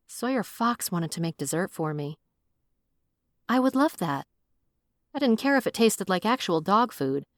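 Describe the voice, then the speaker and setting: A woman narrating a first-person audiobook in a wry, expressive way, on a close studio mic. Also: fairly low pitch, no room sound.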